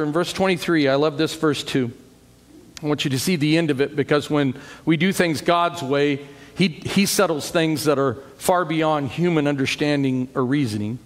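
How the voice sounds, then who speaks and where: A middle-aged American man delivering a sermon in a fairly high voice. He preaches in an animated way and acts out the people in his Bible story. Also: normal speed, in a large hall. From United States. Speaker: pastor.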